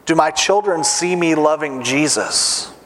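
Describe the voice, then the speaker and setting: A man's voice: a little high, a little slow, a bit bright, a little hiss or hum. A middle-aged man preaching a sermon to fathers, earnestly putting direct questions to his listeners. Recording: long reverb of a large hall.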